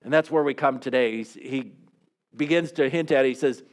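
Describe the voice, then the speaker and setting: A man's voice: mid-range voice, a little fast. A male pastor preaching a sermon in a conversational, earnest way, often acting out the voices of people he quotes.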